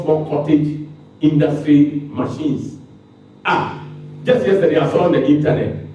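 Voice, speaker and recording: A man's voice: a little high, warm tone, a little hiss or hum. A man with a Ghanaian accent giving a public lecture, impassioned and firing rhetorical questions at the audience. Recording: very echoey room, mic far off.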